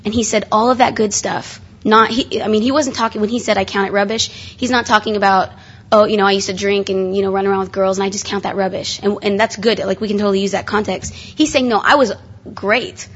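A young woman with a medium-pitched, steady, slightly breathy voice preaches a sermon at a conference session. She speaks briskly in a casual, chatty way, full of fillers and restarts. The live recording is muffled and lo-fi.

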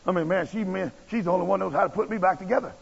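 A man's voice: high-pitched, racing, vocal fry, breathy edge. A man preaching a sermon, telling a personal story in a folksy, blunt and emphatic way. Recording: dull lo-fi recording.

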